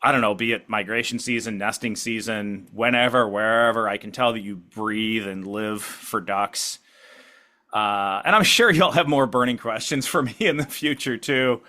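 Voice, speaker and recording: A man hosting a podcast interview in casual chat, upbeat, laughing often and talking in quick bursts. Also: fairly low pitch, bright, forceful tone. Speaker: podcast host.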